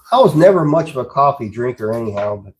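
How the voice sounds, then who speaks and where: A man hosting a live stream from his pottery workshop, chatting casually and rambling as he works, with frequent chuckles. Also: mid-range voice. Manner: easygoing, rambling, chuckles often. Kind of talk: casual live-stream chat while working.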